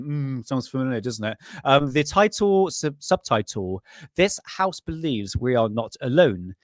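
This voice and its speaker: A man's voice: medium pitch, no echo, clean studio sound. Joking British man rambling on a stream. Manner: rambling, joking, chuckling, crude asides. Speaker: livestream host. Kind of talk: casual livestream chat reading a magazine.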